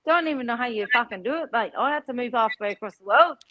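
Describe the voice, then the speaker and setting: A woman's voice: on the high side, animated, fast talker, highs cut off, noisy background. A woman from England with a Sheffield English accent, co-hosting a casual chat and telling blunt, sweary stories. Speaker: co-host.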